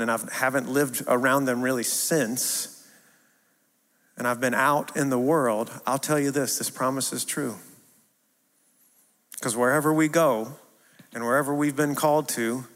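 A man in his thirties preaching a sermon, earnest and repetitive, moving from hushed tenderness to emphatic declarations. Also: mid-range voice. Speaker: pastor. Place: church sanctuary. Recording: long hall reverb.

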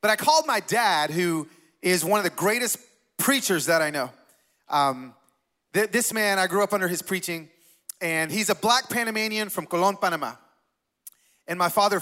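A man in his forties preaching as a guest speaker in a church, talking casually with self-deprecating humor and animated retelling. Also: high-pitched. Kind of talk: sermon. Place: church sanctuary.

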